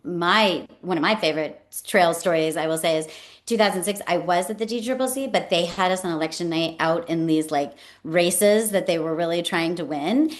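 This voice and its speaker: A woman hosting a podcast interview, telling stories with lively acted-out quotes and frequent laughter. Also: lowish voice, moderate pace. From New York State. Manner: animated storyteller, acts out quotes, laughs often. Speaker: podcast host. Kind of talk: casual conversational interview.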